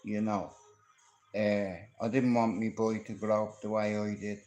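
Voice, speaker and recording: A man's voice: lowish voice, level tone, measured pace, darkish tone, reverberant, low-quality recording. A man from Ireland with a Dublin accent, talking on a livestream in a rambling, profane, confrontational way as he tells stories from his life. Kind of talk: rambling live-stream monologue.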